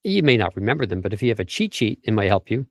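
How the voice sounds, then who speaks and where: A man's voice: lowish voice, sing-song, rapid-fire, gravelly, no echo, clean studio sound. A man working as a vocal coach, explaining tips step by step in an interview over a video call and briefly demonstrating speech habits.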